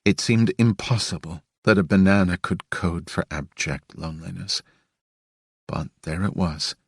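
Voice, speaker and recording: A man reading an audiobook aloud in steady, unhurried storytelling. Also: low-pitched, gravelly, breathy edge, no room sound, studio quality. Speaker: audiobook narrator. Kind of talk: audiobook narration.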